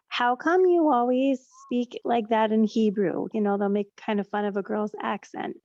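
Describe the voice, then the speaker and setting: Gravelly-voiced woman teacher on a call. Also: on the high side, darkish tone, dry recording, highs cut off. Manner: searching, full of fillers and rephrasing. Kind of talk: question from a webinar attendee.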